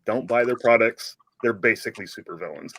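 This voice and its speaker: A man's voice: lowish voice, a little fast, a bit bright. A man speaking as a guest in a casual chat, stating his opinions earnestly and emphatically.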